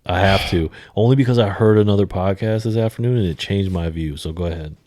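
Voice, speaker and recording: A man with a very low voice holds a casual, profane podcast chat. His speech swings between low mumbles and sudden loud bursts. The recording is dry and close. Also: fast talker, no room sound. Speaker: podcast co-host.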